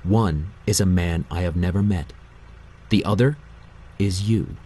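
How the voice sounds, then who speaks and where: A man's voice: low voice, mellow, slightly rough. Hades, a man doing a cold death god. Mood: menacing. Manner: hissing, slow and threatening. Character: menacing ancient male god of death, cold. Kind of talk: audiobook character voice.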